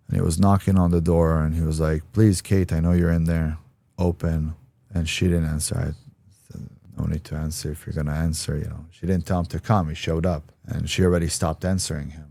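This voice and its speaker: A man's voice: rumbling low, little pitch movement, a little fast, gravelly, mellow, dry recording. A man giving an interview, telling a personal story bluntly and acting out the voices of people he quotes. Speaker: interview guest.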